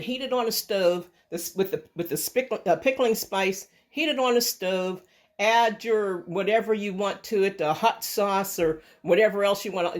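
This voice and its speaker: In a casual home cooking demo shot on a handheld camera, a woman channel host chats in a mid-range, darkish voice. She rambles, restarts her sentences, and calls her viewers "folks."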